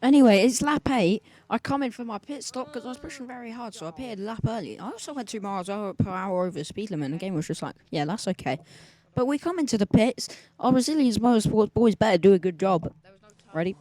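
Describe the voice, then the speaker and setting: A man's voice: high-pitched, expressive, quick pace, darkish tone. A man narrating his racing game footage with joking, sarcastic, self-mocking asides, sometimes drifting off the microphone. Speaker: gaming video creator. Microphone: desk mic, sometimes speaking off-mic.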